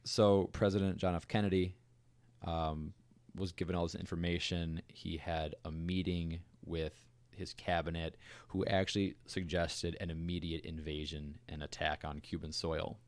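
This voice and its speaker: A very deep-voiced man tells a history story for a podcast, relaxed and chatty with fillers and asides. His voice sits close and dry, with little room sound. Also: moderate pace, no echo. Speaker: podcast co-host. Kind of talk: casual storytelling chat.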